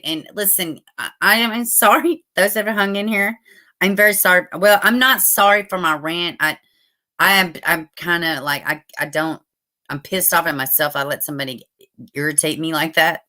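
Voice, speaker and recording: A woman's voice: fairly low pitch, pushed and bright. A woman hosting a casual livestream, rambling and cursing as she talks straight to her viewers. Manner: loose and rambling, swearing, talking to viewers. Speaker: true crime livestream host.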